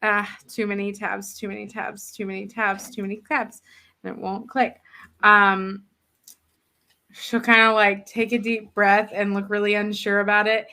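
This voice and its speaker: A woman's voice: mid-range voice, little pitch movement, unhurried, sharp tone. A woman player at a tabletop game, rambling through her turn with lots of filler words and giggles. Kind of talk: casual tabletop game play.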